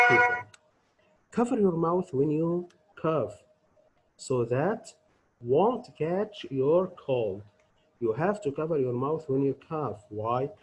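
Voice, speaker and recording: A man with a mid-range voice teaches an English grammar lesson deliberately, posing questions to his students and answering them himself. The audio is poor, with a little hiss or hum.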